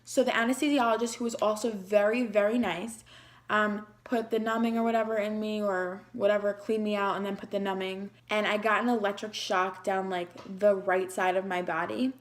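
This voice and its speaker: A woman's voice: mid-range voice, little pitch movement, moderate pace. A young woman vlogger emotionally retelling a personal story in a chatty way, with lots of "like". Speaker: beauty vlogger.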